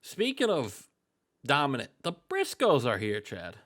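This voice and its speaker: A man's voice: mid-range voice, huge pitch swings, unhurried, a bit bright. A man casually narrating wrestling game results to a co-host, joking and swearing freely with hype-man flair. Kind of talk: casual gaming commentary.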